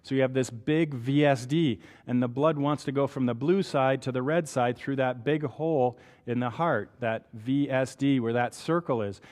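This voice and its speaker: A man's voice: medium pitch, moderate pace, hardly any pauses, a little mellow. A man with a Canadian accent giving a conversational medical lecture, often checking in with "right?". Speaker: physician lecturer. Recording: long hall reverb.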